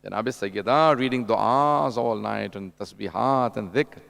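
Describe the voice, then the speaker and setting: A religious lecturer with a lowish, gravelly, slightly bright voice takes his time with a conversational sermon at a mourning gathering. He speaks directly to those present, telling anecdotes and acting out exchanges.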